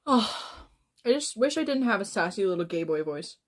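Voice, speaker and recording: A woman in her twenties chatting casually on a live stream, rambling and swearing freely as she talks fast. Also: medium pitch, sing-song. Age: 20s. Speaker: livestreamer.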